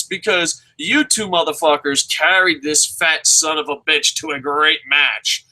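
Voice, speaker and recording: A man reviewing wrestling shows in casual, profane commentary, excitable, with frequent swearing and stammering. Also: a little high, measured pace, few pauses, low-quality recording.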